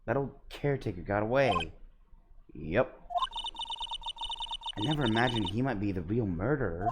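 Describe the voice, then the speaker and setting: A man's voice: fairly low pitch, animated, moderate pace, very noisy. A man streaming a video game, reading its dialogue aloud with casual joking asides. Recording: game music behind the voice.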